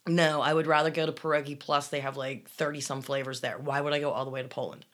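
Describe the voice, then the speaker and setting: Blunt low-voiced woman co-host. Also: level tone, quick pace. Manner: blunt, storytelling, swears freely. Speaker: podcast co-host reading listener comments. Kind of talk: casual chat.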